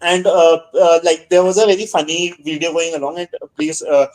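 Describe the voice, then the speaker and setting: High-voiced chatty male podcast host. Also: fairly even intonation, a little mellow, rough recording. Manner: chatty, laughs easily, many "uh" pauses. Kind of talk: casual podcast chat.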